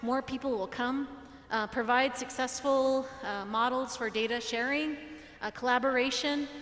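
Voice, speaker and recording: A woman with a fairly high voice reads out a list of notes, stopping for fillers between items. The hall is echoey, with a long reverb. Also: steady tone, moderate pace, a bit bright. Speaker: scribe reading notes aloud.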